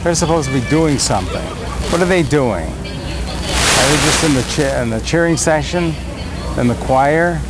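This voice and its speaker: Loud music plays behind this poorly recorded voice from a homemade handheld camera. On a city street, an older American man, a citizen vlogger, makes an impromptu political speech with a fairly high, expressive voice at normal speed, impassioned, emphatic and repetitive.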